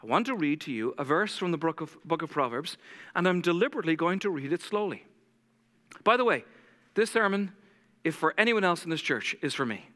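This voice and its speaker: A lead pastor preaching a sermon, intense and fast-talking, dropping to a soft hush when he reads scripture. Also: on the high side, very animated. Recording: long church hall reverb.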